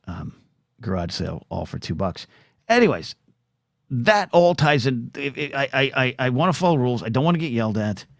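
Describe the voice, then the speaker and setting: A middle-aged man hosts a solo podcast, his medium-pitched voice captured in clean studio sound with no echo. He rambles and pokes fun at himself, stumbling over restarts and acting out quoted voices in short bursts.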